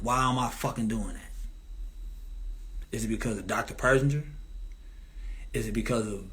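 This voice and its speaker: A man's voice: medium pitch, fairly bright tone. Rambling, profane, grandiose man. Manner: profane, grandiose, meandering with restarts. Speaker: commentator. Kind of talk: rambling monologue.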